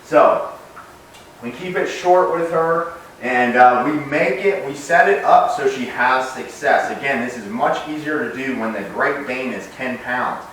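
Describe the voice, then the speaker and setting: A man's voice: mid-range voice, a little slow, a little hiss or hum. A young adult man, a dog trainer, casually explaining puppy training while working with the dog. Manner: relaxed, explaining while training, bright sharp commands to the puppy. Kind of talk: casual instructional demo. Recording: very echoey room, mic at a distance.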